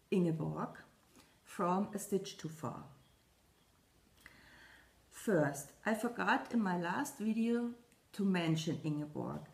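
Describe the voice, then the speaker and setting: Woman chatting slowly on her craft vlog, lots of ums, echoey room. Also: medium pitch, a little mellow. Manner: slow, hesitant, many fillers and restarts. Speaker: Flosstube vlogger. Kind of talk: casual chat to camera.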